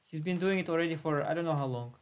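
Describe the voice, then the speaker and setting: A laid-back man with a fairly high voice thinks aloud at a quick pace while playing an online chess simul on a live stream, commentating as he goes.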